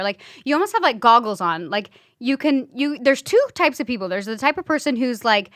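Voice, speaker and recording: A woman's voice: fairly high pitch, fast, hardly any pauses, fairly bright tone, no room sound, studio quality. A woman hosting a casual podcast, telling candid stories with blunt swearing and acted-out quotes. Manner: candid storytelling, swears freely, acts out quotes. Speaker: podcast host, hair educator.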